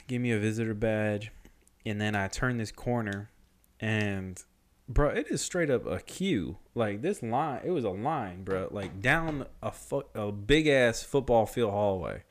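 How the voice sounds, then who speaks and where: A young man telling a story in casual chat, slangy, swearing a lot and animated. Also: on the low side, measured pace.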